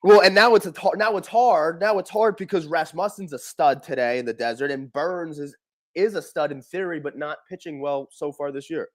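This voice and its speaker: A man's voice: on the high side, moderate pace. A man co-hosting a casual morning baseball show, talking loosely and swearing as he makes his picks. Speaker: co-host. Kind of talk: casual sports talk.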